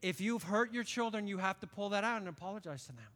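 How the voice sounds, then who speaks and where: A man in his late fifties from upstate New York, preaching a sermon in an animated storytelling way. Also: sits high, fast talker. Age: late 50s. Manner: animated storytelling, acts out quoted voices. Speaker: pastor. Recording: long reverb of a large hall.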